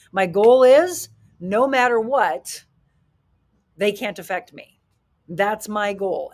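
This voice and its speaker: A woman hosting a talk radio show as a fitness and life coach, speaking in an emphatic, energetic motivational style and acting out quotes. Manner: emphatic, energetic, acts out quotes with rising pitch.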